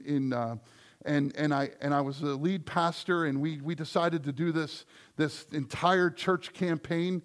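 Male pastor preaching, kinda high voice with gravelly fry, chatty then punchy. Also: steady tone, normal speed. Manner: conversational preaching, rising to emphatic. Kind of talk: sermon.

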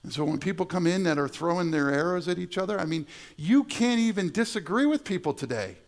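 A man's voice: sits high, expressive, fairly quick. A middle-aged male pastor preaching a sermon in a conversational way, repeating words and adding asides. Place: church sanctuary.

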